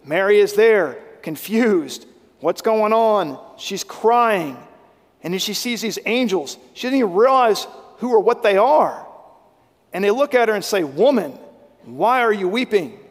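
Pastor guy preaching, high voice, goes loud then real quiet, long hall echo. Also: animated, measured pace. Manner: preaching with wide swings between loud emphasis and hushed intensity. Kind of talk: sermon.

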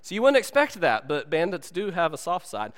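A preacher with a high, bright voice that swings up and down a great deal as he talks. He tells his stories with lively, animated energy. His voice rings out with a long echo through a large church hall. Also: brisk. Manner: animated storytelling, acts out movie dialogue. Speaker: pastor. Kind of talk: sermon. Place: church sanctuary.

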